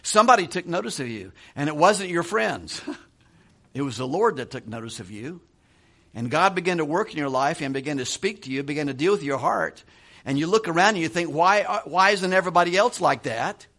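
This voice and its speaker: A man's voice: a little high, expressive, brisk, bright, forceful tone. Chuckling middle-aged male preacher. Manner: conversational preaching with chuckles and repeated words. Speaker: pastor. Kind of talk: sermon.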